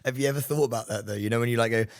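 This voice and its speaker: A man's voice: mid-range voice, very fast, smooth. A man co-hosting a podcast, teasing his partner and laughing often in casual chat. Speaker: podcast co-host.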